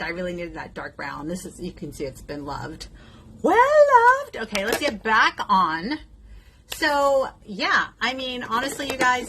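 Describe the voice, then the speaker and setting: A woman's voice: medium pitch, fairly bright tone, a little hiss or hum, poor audio. Chatty woman in her fifties. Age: 50s. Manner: chatty and candid, with frequent fillers. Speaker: beauty vlogger. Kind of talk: casual talking-head vlog while doing makeup.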